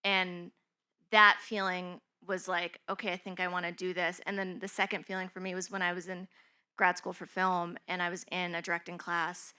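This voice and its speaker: A woman's voice: fairly low pitch, level tone, moderate pace, sharp tone, clean tone. A woman producer on a panel, chatting frankly about how she started, with lots of "like". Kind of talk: casual panel chat.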